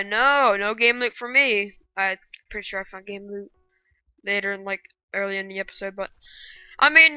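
A woman giving live gameplay commentary, excitable and bursting into loud shouting rants. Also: high voice, clear, resonant tone, no echo. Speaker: gaming video creator.

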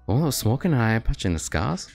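A man's voice: mid-range voice, sing-song, quick pace, gravelly, darkish tone, soft background music. British man chatting on his live stream. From Britain. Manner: chatty, swears, reads chat aloud. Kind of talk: casual live-stream chat.

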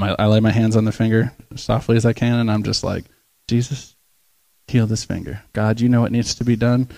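A young man preaching in church, telling a story with lively acted-out voices and frequent laughs. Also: fairly low pitch, gravelly, no room sound. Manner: animated, acts out voices in his story, laughs often. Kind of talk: storytelling sermon.

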